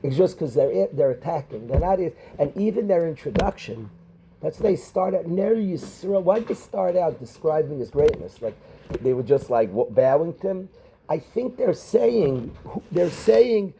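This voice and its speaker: A middle-aged rabbi, teaching a class of students and calling on them by name with questions. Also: male voice, a little high, big pitch swings, a little slow, vocal fry, mellow, slight background noise, rough recording. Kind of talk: Torah class.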